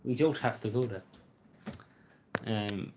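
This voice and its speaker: A man's voice: lowish voice, takes it slowly, noisy background. An Irish man hosting a live stream, chatting casually in a blunt, rambling way and swearing freely, recorded on a camera mic indoors. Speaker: livestream host. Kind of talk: casual chat to a live audience.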